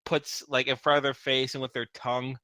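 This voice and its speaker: A man narrating as game master in a casual tabletop session, animated and often laughing. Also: medium pitch, a little fast, no room sound. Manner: animated, laughing, loose with fillers.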